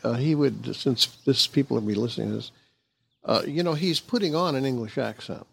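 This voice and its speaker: An older man with a gravelly, creaky voice at a middle pitch. He talks haltingly in a casual interview, trailing off and restarting often, with the odd chuckle. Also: a little hiss or hum. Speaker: guest, jazz bassist and former actor.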